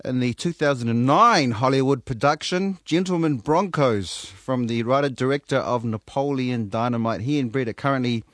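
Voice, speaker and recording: Man, New Zealand accent, radio host, deadpan and playful, dry close studio sound. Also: mid-range voice, normal speed, hardly any pauses, no echo. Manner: deadpan jokey, mock-earnest. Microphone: studio microphone.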